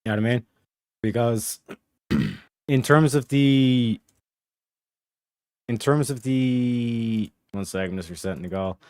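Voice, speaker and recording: A man rambles through casual reaction commentary, swearing freely and circling back on his points. His voice sits at an ordinary middle pitch. The sound is dry and close, with no room in it. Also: animated, takes it slowly, pauses often, darkish tone, no room sound. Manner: profane, rambling, repeats "you know what I'm saying". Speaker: streamer reacting to a debate clip.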